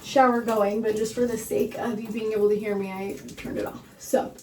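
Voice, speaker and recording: Brisk and level in tone, this woman's voice is fairly high-pitched yet darkish. As a hair care vlogger in her shower, she gives a chatty, instructive hair-washing how-to full of fillers, a bit out of breath, over running water. It's a low-quality recording captured from a distance.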